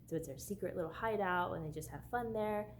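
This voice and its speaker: A woman's voice: fairly low pitch, fast talker, slight background noise. A woman chatting casually in a book haul vlog, bubbly and gushing, with lots of "like" fillers. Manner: bubbly, gushing, says "like" often. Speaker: book vlogger.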